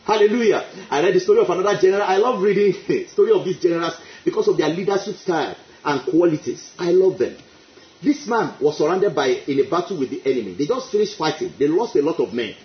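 A man's voice: on the high side, animated, fast talker. A male preacher delivering an emphatic sermon, repeating his phrases and breaking into exclamations of praise. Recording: echoey, dull lo-fi.

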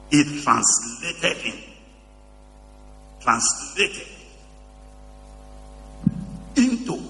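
A man preaching a sermon to a congregation, asking them questions again and again, his voice leaping to high shouts and dropping to low murmurs. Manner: asks the congregation questions over and over. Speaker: pastor. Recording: echoey hall reverb.

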